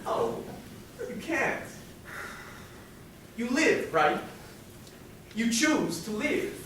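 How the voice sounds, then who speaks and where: A man's voice: extremely high pitch, very animated, extremely slow, heavily acted. A man playing a rambling, confiding record fan. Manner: chatty, confiding, rambling asides to the audience. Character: wistful middle-aged man narrating his favorite musical record. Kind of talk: stage musical performance. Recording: distant echoey stage with room noise.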